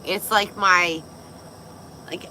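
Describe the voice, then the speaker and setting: A young woman with a raspy voice, tipsy and chatting casually on a livestream, loose, giggly and swearing. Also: fairly low pitch, fairly even intonation, very slow, pushed and bright, a little hiss or hum, rough recording. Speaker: vlogger.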